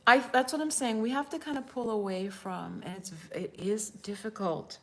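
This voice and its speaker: A Jamaican woman in her fifties, working as a spiritual life coach, chats casually on a live stream in her Jamaican accent. She tells stories animatedly, acts out quotes and laughs often. Her mid-range voice moves at normal speed with fairly even intonation.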